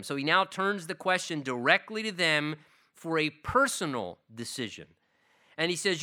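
Bright-voiced man preaching a sermon. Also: on the high side, animated, normal speed. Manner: earnest preaching with emphatic, varied delivery. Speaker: pastor.

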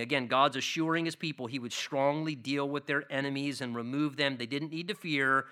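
A man's voice: medium pitch, steady tone, brisk, hardly any pauses, sharp tone, clean tone. A man preaching an expository Bible sermon, earnest and repeating key phrases for emphasis. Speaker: pastor.

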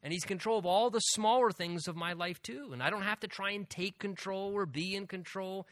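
A man's voice: high-pitched, brisk, a bit bright, dry recording, clean studio sound. A man preaching a sermon in an earnest, conversational way, building to emphatic peaks.

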